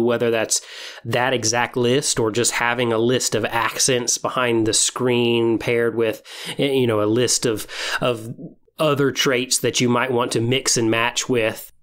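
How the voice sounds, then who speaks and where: A man hosting a podcast, explaining step by step in a casual talk, pausing as he lists items. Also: mid-range voice, steady tone, a bit bright. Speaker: podcast host.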